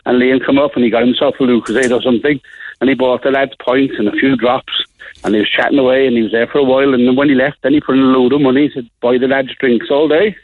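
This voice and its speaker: Brief: man, chatty caller, fast talker on a tinny phone line. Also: medium pitch, fairly even intonation, a little hiss or hum. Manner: chatty, quick anecdote teller. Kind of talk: casual phone-in chat.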